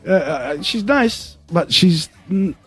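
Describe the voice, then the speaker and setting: A man hosting a casual podcast chat, his husky voice rising and falling a lot. He banters in a jokey, playful way. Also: high voice, lively intonation, takes it slowly, fairly bright tone. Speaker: podcast host.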